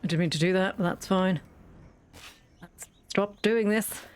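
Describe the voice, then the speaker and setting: A gaming video creator with a mid-range voice chats unhurriedly through a casual let's-play. She's wry and self-mocking, and speaks fondly to her in-game animals.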